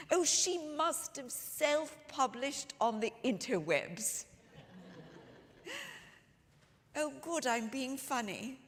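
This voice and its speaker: The ghost of a wry, reflective 19th-century woman author, played by a woman storyteller speaks straight to her audience, leaning on each word. Her voice sits a little high and moves slowly and deliberately. It rings out with the long reverb of a large church hall. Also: fairly bright tone. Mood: playful. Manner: theatrical, addresses the audience directly, lingering emphasis. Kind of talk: one-woman historical storytelling performance. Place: church sanctuary with live audience.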